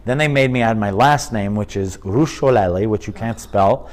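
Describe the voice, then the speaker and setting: A man in his fifties, a comedian chatting in an interview, telling animated stories and slipping into impressions. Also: fairly low pitch, normal speed. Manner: animated storyteller, drops into impressions. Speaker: comedian guest. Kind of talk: casual interview chat.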